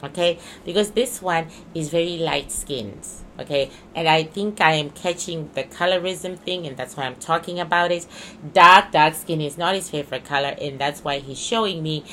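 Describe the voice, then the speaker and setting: Low-voiced, sharp-toned woman giving a reading. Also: normal speed, slight background noise. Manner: emphatic and repetitive, restating points. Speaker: psychic reader. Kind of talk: casual spoken card reading.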